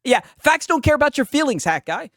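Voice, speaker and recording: Sarcastic man with very lively pitch. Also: fairly quick, no echo, clean studio sound. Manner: sarcastic, laughing, says "right?" often. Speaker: reaction streamer. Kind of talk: mocking live reaction commentary.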